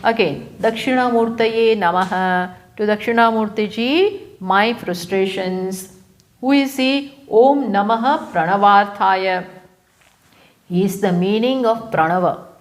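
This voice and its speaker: A woman with an Indian English accent giving a live scripture lecture as a spiritual teacher, unhurried and repeating key phrases for emphasis. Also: mid-range voice. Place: live talk venue.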